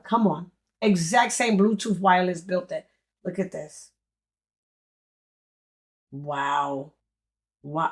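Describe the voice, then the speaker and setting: A young adult woman walking viewers through an online store tutorial, excitedly repeating prices and exclamations for emphasis. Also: on the low side. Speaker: online business creator. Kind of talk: excited screen-share product walkthrough.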